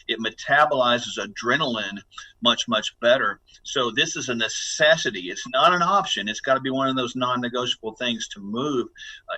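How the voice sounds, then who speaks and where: A man's voice: medium pitch, bright, forceful tone, slightly rough, poor audio. A man speaking as a guest health expert on a podcast interview, talking in an emphatic, instructive way as he coaches listeners.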